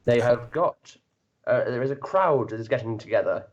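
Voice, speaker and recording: A man's voice: mid-range voice, normal speed, muffled recording. A man narrating a tabletop game as dungeon master, describing scenes with lots of hesitations. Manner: lively, animated narration with hesitations.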